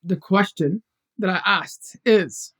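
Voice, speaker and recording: A man on a podcast slowly and deliberately repeats the question he asked his guest. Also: high-pitched, a bit bright. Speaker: podcast interviewer.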